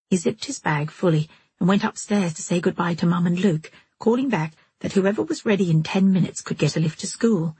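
Husky low-voiced woman narrator. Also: a little fast, warm tone, dry recording. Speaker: audiobook narrator. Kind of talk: scripted first-person narration.

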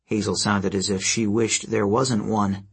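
A man narrating an audiobook in a steady storytelling manner with a husky voice. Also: lowish voice, a little slow. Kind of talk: scripted narration.

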